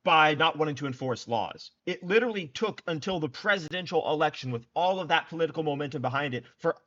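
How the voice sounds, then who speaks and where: A man's voice: a little high, lively intonation, quick pace, a bit bright. A young man giving scornful, sarcastic political commentary. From United States. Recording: dull lo-fi recording.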